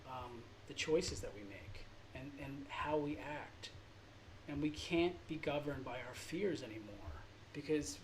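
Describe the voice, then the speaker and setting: A man's voice: on the high side, a little hiss or hum. A man teaching a drawing lesson, talking in an earnest, emotional and rambling way. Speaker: art teacher. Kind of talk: informal drawing lesson monologue.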